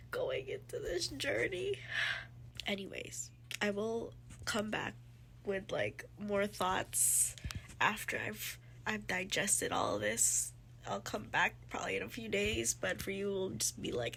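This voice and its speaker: A woman's voice: medium pitch, animated, a little slow, vocal fry, a bit bright, a little hiss or hum. Teary, gushing young woman vlogger. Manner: gushing, lots of "like" and "oh my god", drops to whispers. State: teary and emotional. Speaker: book vlogger. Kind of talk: casual reading reaction vlog.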